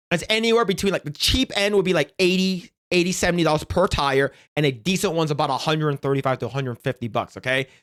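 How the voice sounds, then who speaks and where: A man's voice: on the high side, a bit bright. A young man streaming, giving casual reaction commentary in a profane, rambling way with many restarts.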